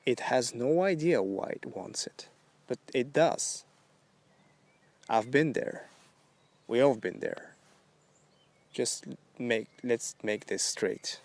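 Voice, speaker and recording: A man hosting a solo podcast, musing in a rambling, halting way with drawn-out phrasing. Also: medium pitch, lively intonation, dry recording. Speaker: podcast host. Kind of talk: solo philosophical monologue.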